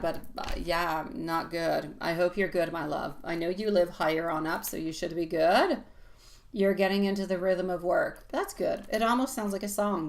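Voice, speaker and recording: A woman's voice: fairly low pitch, creaky. Woman, tarot reader, live stream, affectionate, reassuring, casual chat. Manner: affectionate, calls listeners sweetie; soothing, reassuring advice.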